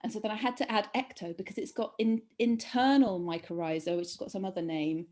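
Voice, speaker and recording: A woman's voice: mid-range voice, fairly even intonation, a little fast, darkish tone. A woman hosting a podcast quiz, playful and giggly, in casual chat. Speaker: podcast host running a quiz.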